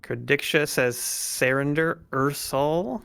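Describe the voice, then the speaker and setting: A man's voice: fairly high pitch, slow pace, creaky, a bit bright, smooth. A man casually chatting and joking while building a game character. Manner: laughing, joking, thinking aloud. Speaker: player.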